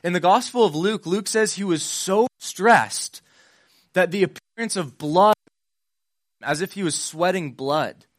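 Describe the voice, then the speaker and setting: Young man, casual preacher, slightly high voice, dry close sound, slangy retelling. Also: a little slow, dry recording. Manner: conversational, acts out Bible scenes in modern slang. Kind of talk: casual sermon.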